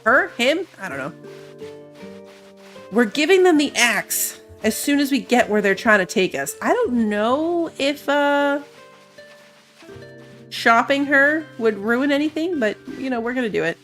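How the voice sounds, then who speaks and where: A woman's voice: sits high, animated, unhurried, pauses often, fairly bright tone, faint music behind. A woman giving casual commentary on a game she is playing, chatty and playful as she thinks aloud. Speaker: gamer.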